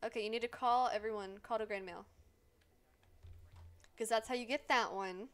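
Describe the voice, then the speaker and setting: A woman's voice: fairly high pitch, moderate pace, long pauses, clear, resonant tone. A woman streamer chatting casually as she plays a life-sim game, sarcastic and swearing freely as she scolds the characters aloud.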